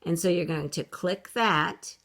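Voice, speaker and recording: A woman teaching young children phonics from home, slowly sounding out words letter by letter for her camera. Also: fairly low pitch, a bit bright. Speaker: kindergarten teacher. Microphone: computer camera mic.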